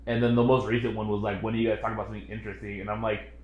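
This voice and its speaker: A young man co-hosting a casual podcast, telling stories fast and acting out quotes with big jumps in volume. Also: on the low side, echoey room, highs cut off. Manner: animated storyteller, acts out quotes loudly. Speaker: podcast co-host. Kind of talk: casual chat.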